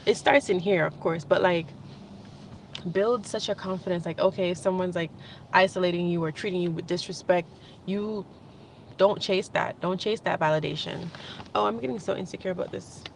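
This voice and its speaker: Speaking straight to her camera, a young woman vlogger gives a loose, heartfelt spiritual monologue, rambling, laughing often and growing emotional. Her fairly low voice is gravelly and moderately paced, with faint background hum beneath it.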